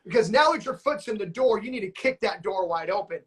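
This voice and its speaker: A man hosts a live coaching stream and keeps the energy high. He hypes up his guests, drops slang and leans on casual fillers as he talks. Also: lively intonation, a little fast, fairly bright tone. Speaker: notary business coach and live-stream host.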